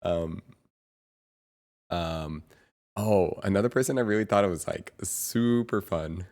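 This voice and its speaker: A young man streaming from home, chatting casually in a rambling, halting way with lots of ums and laughs. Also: deep voice, darkish tone. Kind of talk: casual chat reading chat.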